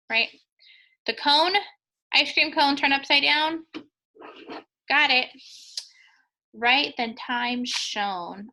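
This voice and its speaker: A woman's voice: medium pitch, gravelly, sharp tone, poor audio. A woman teacher talking students through a math review, chatty and encouraging, joking with the class as she counts out answers.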